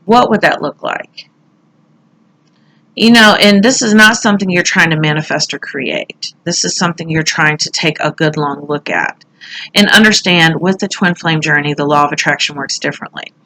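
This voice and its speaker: A woman's voice: low-pitched, moderate pace, sharp tone, poor audio. A middle-aged woman talking casually through a tarot reading, chatty and candid, now and then swearing or laughing at herself. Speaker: tarot reader.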